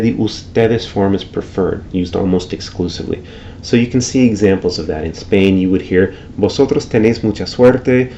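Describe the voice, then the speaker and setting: Male language teacher, lecturing, slow repeated examples, faint hiss behind. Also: lowish voice, dark tone, lo-fi sound. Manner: explanatory, repeats example phrases slowly. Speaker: Spanish teacher.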